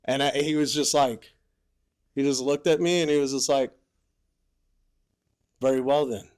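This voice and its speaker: A man's voice: on the high side, steady tone, moderate pace, clear, resonant tone, no room sound, clean studio sound. A man and former Marine telling war stories on a podcast in a loose, profane way, full of "like" and "you know". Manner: loose, profane, heavy use of "like". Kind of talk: casual storytelling.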